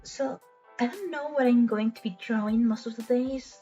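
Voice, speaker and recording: Streaming live, a young adult woman chats in a warm, fairly high voice at a moderate pace. Her talk is earnest and emotional, dotted with small laughs and many restarts, with faint music behind and slightly dull lo-fi audio.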